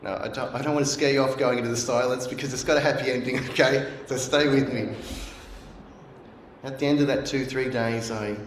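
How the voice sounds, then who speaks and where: A man's voice: medium pitch, fairly even intonation, a little fast, slight background noise. Man telling a roomy sermon story. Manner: earnest storytelling, acts out remembered voices. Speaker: guest speaker. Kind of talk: sermon told as personal story. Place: church hall. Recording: roomy echo.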